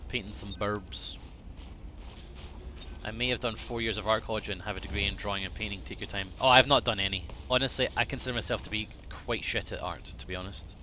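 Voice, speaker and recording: A man's voice: on the low side, fairly even intonation, fast, hardly any pauses, pushed and bright, a little hiss or hum. A man chatting casually on a live game stream, rambling, self-deprecating and swearing freely, sometimes muttering to himself.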